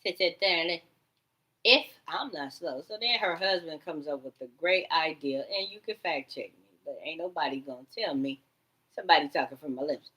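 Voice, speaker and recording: A woman delivering a rambling vlog monologue in a bright, edgy voice. Her pitch leaps and dips all over the place, and her volume jumps from loud outbursts to low mutters. She swears freely as she talks. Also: expressive, normal speed, low-quality recording. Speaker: vlogger.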